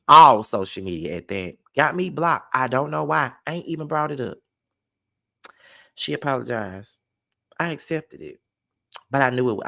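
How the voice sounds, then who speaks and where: A man's voice: lowish voice, vocal fry, pushed and bright. A man telling a personal story to camera in a casual storytime vlog, emphatic and profane. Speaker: vlogger.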